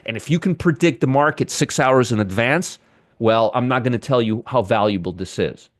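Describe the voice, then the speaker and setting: A man hosts a daily trading show, talking viewers through chart levels in an emphatic, repetitive way. His voice sits at an ordinary pitch and sounds close and dry, with no room around it. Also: normal speed, no room sound. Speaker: market commentary host. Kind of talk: casual trading analysis monologue.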